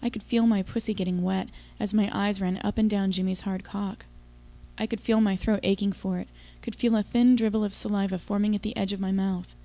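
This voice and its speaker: A woman's voice: mid-range voice, steady tone, fairly quick, dark tone. A woman giving an intimate, confiding first-person audiobook narration.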